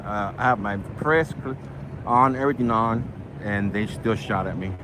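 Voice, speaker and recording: A man's voice: lowish voice, moderate pace, background noise. A man reporting live from the street, shaken and talking straight to his viewers.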